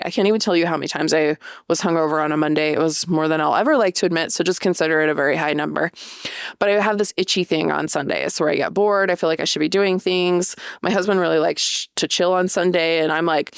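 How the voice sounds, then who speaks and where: A woman in her thirties hosting a casual solo podcast, chatty and animated, acting out little quoted voices. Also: fairly low pitch, fast, creaky, clean tone, no room sound, clean studio sound. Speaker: podcast host.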